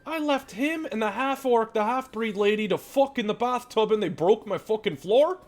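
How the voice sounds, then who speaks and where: A man voicing a gruff, foul-mouthed male butcher who swears and blusters in a tabletop game. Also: sits high, animated, moderate pace, faint music behind, voice pushed up. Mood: outraged.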